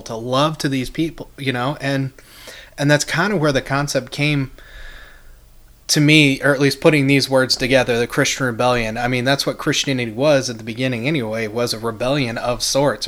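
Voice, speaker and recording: A man's voice: medium pitch, fairly bright tone. A man hosting a casual faith podcast, talking passionately in long rambling runs full of restarts. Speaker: podcast host.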